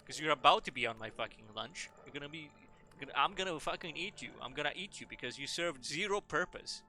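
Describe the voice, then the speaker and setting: A man's voice: fairly high pitch, animated, fast, bright, forceful tone, faint music behind. A man streaming a game in casual, playful chat, rambling and swearing freely.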